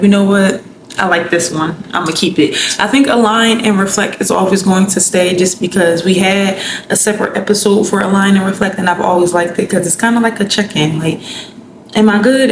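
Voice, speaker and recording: Chatty woman podcaster in an echoey room. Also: mid-range voice. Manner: chatty and heartfelt, addresses listeners as y'all. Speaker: podcast host. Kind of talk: solo casual podcast talk. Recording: echoey room with audible background noise.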